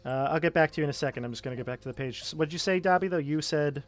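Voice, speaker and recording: Man running a tabletop game, halting. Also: on the high side, soft background music. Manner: casual, halting with many fillers. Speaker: game master.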